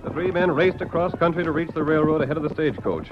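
A man narrating an old radio drama in a brisk, urgent storytelling manner. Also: on the high side. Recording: muffled old radio recording with music.

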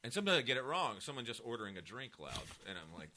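A man's voice: mid-range voice, very animated, rapid-fire, pushed and bright, a little hiss or hum. A man who is a stand-up comedian, telling blunt, profane stories in casual chat. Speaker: comedian guest.

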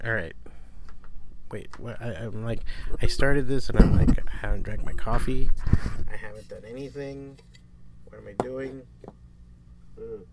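Gravelly-voiced man rambling on a podcast. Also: medium pitch, unhurried, long pauses, very noisy. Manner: rambling, profane, self-deprecating. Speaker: podcast host, comic shop owner. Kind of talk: casual solo podcast talk. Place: his home studio.

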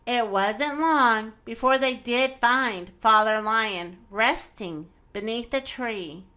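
A woman reading a children's storybook aloud in an expressive, animated way. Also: a little high, takes it slowly, hardly any pauses.

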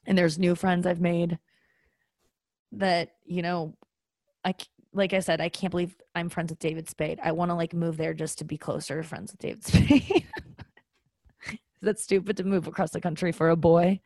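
A woman's voice: fairly low pitch, little pitch movement, moderate pace, a little mellow, no room sound. A young adult woman hosting a podcast, chatting casually in a candid, rambling, self-deprecating way with many fillers. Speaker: podcast host. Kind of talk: casual solo chat.

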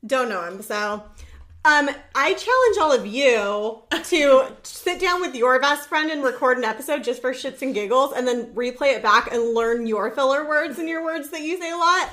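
A woman's voice: high voice, lively intonation, normal speed, pushed and bright. A young woman with a Californian accent, chatting casually as a podcast co-host and using lots of filler words. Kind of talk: casual chat. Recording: roomy echo.

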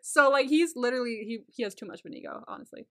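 A woman's voice: on the high side, rapid-fire. A woman co-hosting a casual TV recap podcast, laughing often, swearing and exclaiming her reactions. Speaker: podcast co-host.

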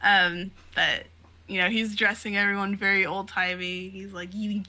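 A woman co-hosts a podcast, casually chatting through a recap of a comic. She's animated, laughs often, and swears freely, speaking at normal speed in a mid-range voice.

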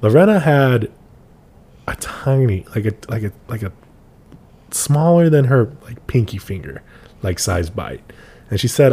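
A man's voice: medium pitch, very animated, unhurried, long pauses, warm tone, husky. A young man co-hosting a podcast, chatting casually and rambling with lots of fillers. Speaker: podcast co-host. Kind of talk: casual chat.

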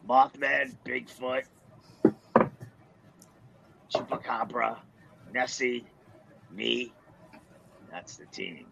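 A man co-hosting a casual chat with a gravelly, husky voice, throwing in enthusiastic interjections. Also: mid-range voice, huge pitch swings, takes it slowly, noisy background. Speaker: co-host.

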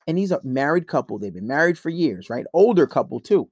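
A man's voice: on the high side, big pitch swings, a little fast, hardly any pauses, no room sound, clean studio sound. A man giving blunt, profane dating advice in a casual monologue, acting out quoted dialogue between couples.

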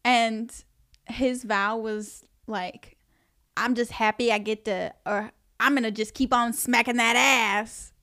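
A woman's voice: on the high side, fairly even intonation, slow, pushed and bright. Giggly young woman, chatty. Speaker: podcast co-host. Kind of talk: casual couple chat.

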